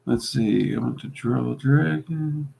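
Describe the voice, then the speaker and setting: Male host, mixed Kentucky-Louisiana Southern accent, gravelly, mid-pitched, rambling live-chat delivery with frequent ums. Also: slow pace, dark tone. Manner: rambling, hesitant with many ums, friendly asides. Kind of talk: casual livestream chat.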